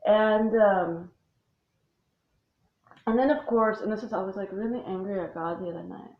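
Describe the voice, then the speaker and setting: A woman's voice: medium pitch, normal speed. Woman ranting about faith, blunt and sweary, sounds tinny like a phone, echoey room. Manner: intense, blunt and profane, with many restarts. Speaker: speaker on religion. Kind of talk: rambling spoken monologue.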